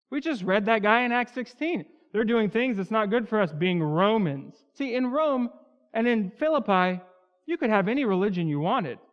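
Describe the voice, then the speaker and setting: A man preaching an expository sermon as pastor of a church, slowing down to stress key words. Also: high voice. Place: church sanctuary. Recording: dull, lo-fi church recording with long hall reverb.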